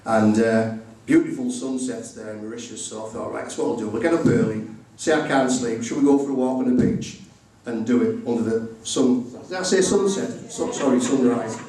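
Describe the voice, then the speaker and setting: A man's voice: mid-range voice, a little fast, few pauses, warm tone. Middle-aged guy doing his groom speech, funny story, plays both sides of the chat, super echoey room, mic way off. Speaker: groom giving a wedding speech. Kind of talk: humorous wedding speech anecdote. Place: indoor wedding reception room. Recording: very echoey room recorded from far off.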